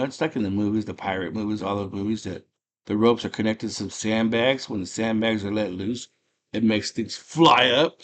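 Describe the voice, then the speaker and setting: A man casually retelling a movie plot in rough slang, breaking into loud put-on voices for the characters. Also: medium pitch. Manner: rough slangy street talk. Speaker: movie chat host.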